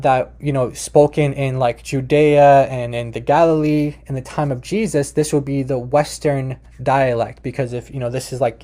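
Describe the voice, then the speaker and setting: A man's voice: mid-range voice, warm tone. A man teaching language in a casual, informal way, speaking directly to his viewers and often restarting his sentences. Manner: chatty and informal, addresses "you guys", frequent restarts.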